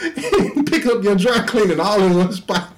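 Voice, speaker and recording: A man's voice: sits high, big pitch swings, a little slow, slight background noise. A man, hosting a podcast and telling profane stories in a casual chat, laughing often. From Houston, Texas. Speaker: podcast host.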